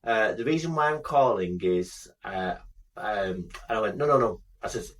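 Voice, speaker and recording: A man's voice: fairly low pitch, animated, normal speed, far from the mic. A man co-hosting a podcast, chatting with many fillers and doing mock-polite impressions. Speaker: podcast co-host. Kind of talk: casual chat.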